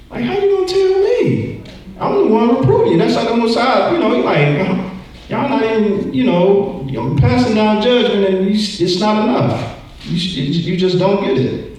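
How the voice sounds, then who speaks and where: A man in his forties teaching a Bible lesson in an animated way, acting out quoted voices and repeating words. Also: high voice. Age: 40s. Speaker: church teacher. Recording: echoey room from far off.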